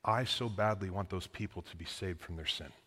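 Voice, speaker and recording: A man voicing God as a patient, fatherly teacher who reasons calmly and earnestly. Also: fairly low pitch, moderate pace. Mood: gentle. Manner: calm, earnest, gently reasoning. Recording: long echoing reverb.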